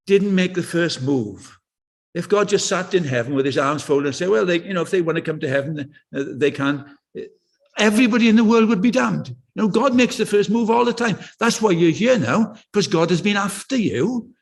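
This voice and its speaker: Older man preaching, high voice. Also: animated, normal speed. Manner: conversational, anecdotal, with passionate swells. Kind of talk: sermon. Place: church.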